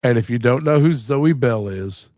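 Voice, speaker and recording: A man's voice: medium pitch, animated, moderate pace, a little mellow, no room sound, studio quality. A man hosting a live stream, chatting casually in a rambling, joking way with plenty of swearing while he sounds sick and tired. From Louisiana. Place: home room.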